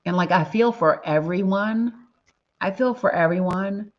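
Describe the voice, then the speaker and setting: A woman with a medium-pitched, slightly slow voice hosts a casual livestream, speaking earnestly and with emotion as she reads out viewer names from the chat. The lo-fi audio sounds a little dull.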